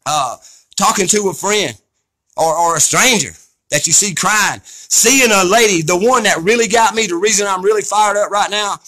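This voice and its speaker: A man speaks in a high, bright voice. He preaches with fire and blunt, profane force, building up to loud peaks and then dropping back. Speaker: activist speaker. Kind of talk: impassioned monologue.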